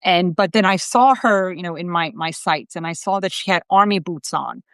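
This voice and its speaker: A middle-aged woman hosting a show as a psychic medium, chatting casually and telling lively stories in which she acts out the lines of the people in them. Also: lowish voice, moderate pace, smooth, no room sound. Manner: lively storyteller, acts out quotes with laughter. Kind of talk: casual conversational chat.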